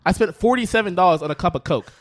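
A man's voice: high voice, rapid-fire, no echo, clean studio sound. A man on a podcast, rambling through a story with lots of likes and laughs. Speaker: podcast co-host. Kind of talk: casual storytelling.

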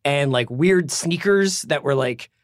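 A man co-hosting a podcast in a fairly high voice, telling self-deprecating stories in a relaxed way. He acts out the lines of people in his stories. The sound is dry and close, with no room echo. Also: measured pace. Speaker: podcast co-host. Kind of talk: casual chat.

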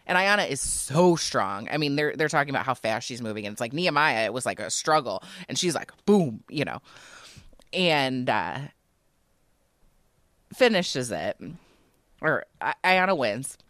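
A low-voiced woman tells a story in casual podcast chat, and her pitch swings widely with emotion. She fills her talk with "like" and "you know." The recording is close and dry. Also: moderate pace, no room sound. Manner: animated storytelling, emotional, many fillers. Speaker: podcast co-host.

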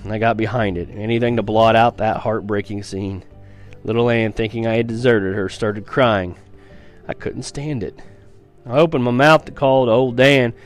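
A man with a slightly low voice reads a first-person story aloud, earnest and unpolished, now and then tripping over a word and starting it again. Soft music plays faintly behind his reading. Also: fairly even intonation, moderate pace. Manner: earnest storytelling with small restarts and stumbles. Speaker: reader of a novel.

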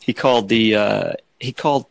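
Gravelly-voiced man telling stories casually. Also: lowish voice, moderate pace. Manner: rambling, laughs often, restarts. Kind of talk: casual storytelling chat.

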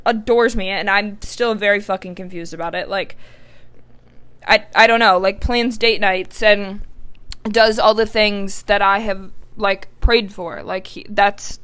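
This young podcast host talks openly and frankly in a loose, rambling way, full of "like." She speaks at a moderate pace in a steady, medium-pitched voice that is fairly bright, clear and resonant.

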